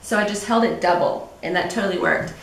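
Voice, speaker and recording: A woman's voice: lowish voice, fast talker, vocal fry, roomy sound, background noise. A woman co-hosting a podcast, chatting casually about her knitting with frequent ums and light laughs. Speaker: podcast co-host.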